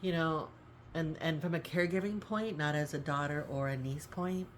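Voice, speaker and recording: A woman's voice: deep voice, moderate pace, slight background noise. A middle-aged woman talking candidly to camera about family caregiving, rambling, apologizing and laughing often, close to tears. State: near tears. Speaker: caregiving vlogger. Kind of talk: casual talk to camera.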